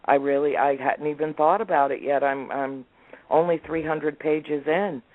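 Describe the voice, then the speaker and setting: A woman in her sixties, speaking with a low pitch at a moderate pace, is a guest in a remote interview telling family stories. She's an animated storyteller who acts out her relatives' lines. The audio comes through a phone or call line, tinny and dry, with no room sound.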